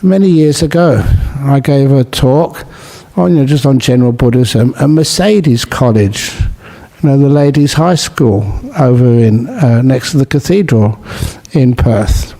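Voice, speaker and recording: A Buddhist monk giving a relaxed dharma talk at a city meditation centre, teaching gently and mixing in humorous stories. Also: male voice, medium pitch, unhurried. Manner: humorous, storytelling with jokes.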